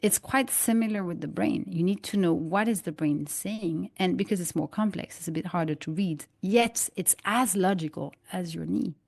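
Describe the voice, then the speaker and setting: An animated woman talking through stories and analogies, slipping into quoted dialogue as she goes. Her voice sits a little low. The sound is dry and close. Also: normal speed, creaky, few pauses, no echo. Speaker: guest, holistic migraine practitioner. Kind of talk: conversational interview, storytelling.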